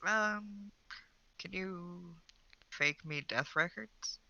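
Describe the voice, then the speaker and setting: A man's voice: high-pitched, very slow, vocal fry, pushed and bright, lo-fi sound. A man playing a tabletop game, speaking eagerly and casually as his character. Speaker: player.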